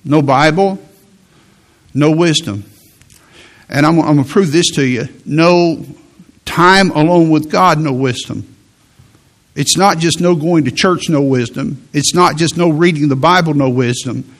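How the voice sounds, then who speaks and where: Male preacher, slightly high gravelly voice, emphatic sermon delivery. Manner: slow emphatic preaching, quoting scripture.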